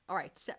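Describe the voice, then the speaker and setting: A woman singer chatting casually on a live stream, laughing and reading out viewers' messages between songs. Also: fairly bright tone.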